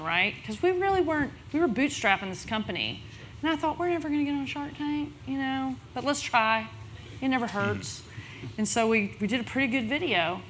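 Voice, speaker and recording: Lively woman telling a founder's story. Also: a little hiss or hum. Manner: lively storyteller, quotes others with big pitch jumps. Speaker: panel speaker, business founder. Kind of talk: animated storytelling on a panel. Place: conference lounge panel.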